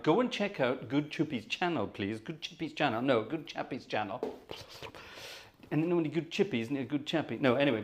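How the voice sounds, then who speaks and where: Male livestream host, jokey and chatty, lively pitch, home room mic. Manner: chatty, jokey, animated, thanks viewers by name. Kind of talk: casual livestream chat. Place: upstairs home room with organ. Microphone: room microphone.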